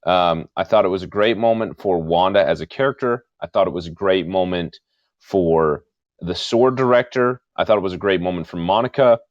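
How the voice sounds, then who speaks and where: A man's voice: low-pitched, normal speed, dry recording. A man on a podcast talking casually and eagerly, gushing and repeating himself as he makes his points. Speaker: podcast co-host. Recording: dry, muffled remote audio.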